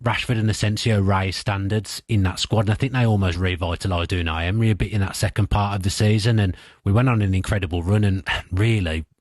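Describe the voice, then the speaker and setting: A man with a Birmingham accent giving thoughtful, animated football analysis as a pundit on sports radio, speaking into a studio mic. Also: on the low side, brisk, hardly any pauses, no room sound.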